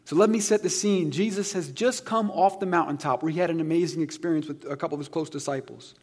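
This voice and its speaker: A pastor delivers his sermon in a high, somewhat husky voice. He speaks earnestly and conversationally and slips in humor. His tone stays personal. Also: quick pace, a little mellow.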